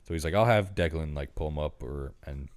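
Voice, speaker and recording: Male podcast co-host, low voice, rambling, swears a lot. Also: brisk, no echo. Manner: rambling, swears freely, laughs often. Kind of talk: casual movie review chat.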